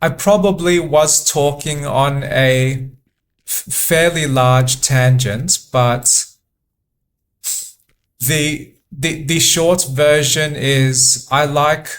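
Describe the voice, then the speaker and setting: A man giving relaxed let's-play commentary, stopping and repeating words as he thinks aloud. He talks extremely slowly in a fairly high voice, and faint room ambience sits behind him. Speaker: gameplay commentator.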